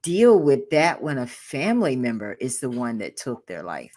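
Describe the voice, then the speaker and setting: A woman hosting a talk show, asking gentle, sympathetic questions of her guest. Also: extremely low pitch, big pitch swings, normal speed. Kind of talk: interview.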